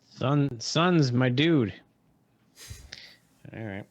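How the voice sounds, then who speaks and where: A man's voice: mid-range voice, expressive, drawn-out words, no echo, muffled recording. A man playing in a tabletop game, talking in a laid-back, wry way with casual swearing. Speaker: player.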